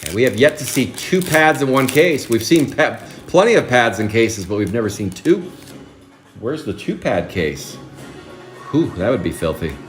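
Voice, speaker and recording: A man hosting a live trading card break, chatting excitably and calling out card names. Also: mid-range voice, normal speed, soft background music.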